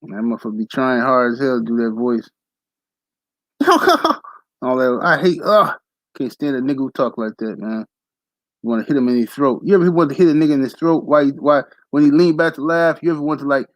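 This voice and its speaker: A man hosting a casual boxing livestream, ranting fast and animated with heavy profanity and slang. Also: mid-range voice, no echo, rough recording. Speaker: boxing talk show host.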